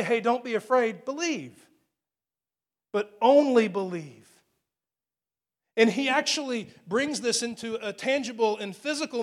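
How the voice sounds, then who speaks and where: High-voiced male preacher delivering a dramatic sermon, with emphatic builds and hushed, near-whispered quotes.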